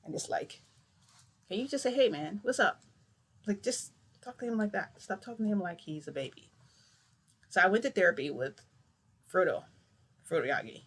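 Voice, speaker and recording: A woman's voice: fairly low pitch, expressive, moderate pace, long pauses, fairly bright tone, slightly rough. A woman vlogger telling a long story in a casual, rambling way, full of filler words.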